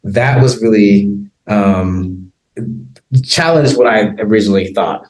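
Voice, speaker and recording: A man from the United States being interviewed about living abroad, talking casually and rambling with lots of fillers as he slows down to think. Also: fairly low pitch, a little mellow, echoey room, low-quality recording.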